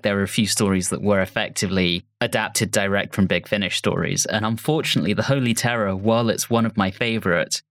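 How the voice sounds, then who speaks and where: A man's voice: fairly low pitch, a bit bright, dry recording, clean studio sound. A man co-hosting a casual podcast discussion, candid and self-deprecating, with apologetic asides. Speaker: podcast co-host. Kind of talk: casual chat.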